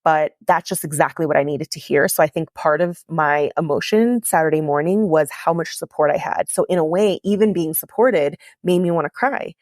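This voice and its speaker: Low-voiced woman telling a candid story. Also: normal speed, few pauses, a little mellow, dry recording, studio quality. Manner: candid, confessional, heavy use of "like". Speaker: podcast host and coach. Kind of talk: personal storytelling monologue.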